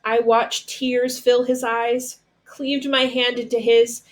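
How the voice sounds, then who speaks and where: A woman reading a storybook aloud, with measured, dramatic storytelling. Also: fairly high pitch, flat delivery. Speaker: storybook reader. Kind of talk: read-aloud storybook narration.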